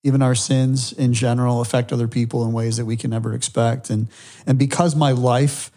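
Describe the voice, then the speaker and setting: Mellow-voiced man reflecting on parenting. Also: medium pitch, level tone. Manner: reflective, halting with frequent restarts. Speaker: podcast co-host. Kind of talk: conversational podcast talk.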